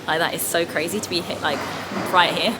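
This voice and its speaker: A woman's voice: fairly low pitch, fairly even intonation, a little fast. A woman, vlogging candidly and chattily about her day as a new mum. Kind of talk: casual vlog chat. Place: car, then hospital hallways. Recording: noisy background.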